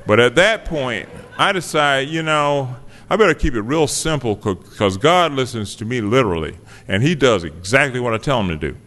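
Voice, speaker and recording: A man's voice: mid-range voice, lively intonation, moderate pace, a bit bright. Wry man telling his story in a hall. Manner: conversational, wry and self-deprecating. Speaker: speaker sharing his recovery story. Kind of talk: personal testimony to a live audience. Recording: long reverb of a hall.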